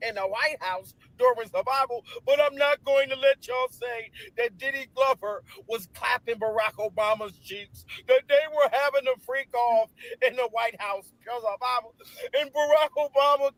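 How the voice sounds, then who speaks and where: A man's voice: extremely high pitch, moderate pace, fairly bright tone, no room sound, rough recording. A man doing comedic gossip commentary in a theatrical, exclaiming style. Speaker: gossip video creator.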